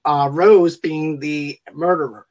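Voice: medium pitch, fairly even intonation, slow, darkish tone. A speaker in a casual chat about a film, recapping the plot in a rambling way with frequent fillers and restarts. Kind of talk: casual movie review chat.

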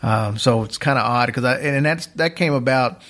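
A man hosting a podcast, telling a story in a casual, rambling way, restarting his sentences and speeding up and slowing down as he goes. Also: mid-range voice, a bit bright. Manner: rambling, chatty, restarts sentences, uneven pace.

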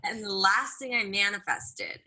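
A woman's voice: medium pitch, big pitch swings, measured pace, sharp tone. A young woman co-hosting a podcast, chatting casually and telling stories with lots of "like". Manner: chatty storyteller, many "like"s. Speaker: podcast co-host, blogger. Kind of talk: casual chat.

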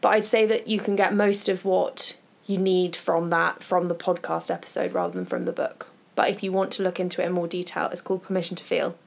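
Woman with a creaky voice. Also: fairly low pitch, brisk, hardly any pauses. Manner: conversational, thinking aloud with fillers. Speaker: podcast co-host. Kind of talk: casual chat recommending books and podcasts.

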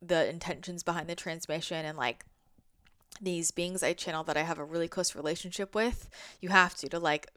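A woman's voice: on the low side, steady tone, brisk, a bit bright, no echo, studio quality. A young adult woman talking casually and reflectively as a spiritual channel, rambling with lots of fillers, heartfelt and sometimes swearing. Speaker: spiritual channel, podcast host.

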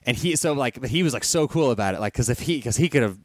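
A man's voice: mid-range voice, animated, fast talker, dry recording. Male podcast co-host, casual storyteller, rambles with lots of fillers, dry close sound. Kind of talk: casual chat.

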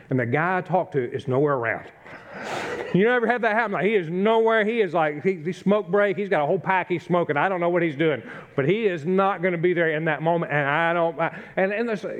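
Middle-aged pastor guy telling a story in his sermon, kinda high voice, muffled recording. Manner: folksy and self-deprecating, acts out his own frustration.

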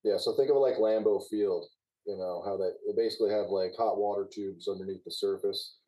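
Low, husky former greenskeeper, laid-back explainer on a podcast. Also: male voice, fairly quick, low-quality recording. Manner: explains turf technicalities in a relaxed, knowing way. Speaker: guest, former golf course superintendent. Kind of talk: casual podcast chat.

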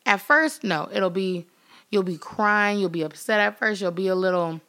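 Woman, vlogger, motivational talk, emphatic, repeats herself, middle pitch. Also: fairly even intonation, moderate pace, fairly bright tone, clean tone. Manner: speaks straight to viewers, acts out quoted voices; laughs now and then. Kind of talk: motivational vlog talk to camera.

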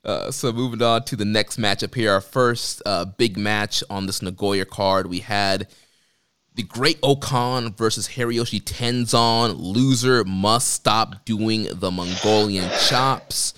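A man's voice: on the low side, slow, a bit bright, clear, resonant tone. A man co-hosting a podcast in casual chat, laid-back and steering the show to the next topic. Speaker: podcast co-host.

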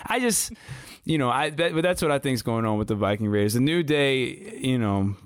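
A man co-hosting a wrestling podcast, chatting casually with animated, slangy talk and frequent stammered restarts. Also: mid-range voice, moderate pace, clear, resonant tone, no room sound, clean studio sound. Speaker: podcast co-host.

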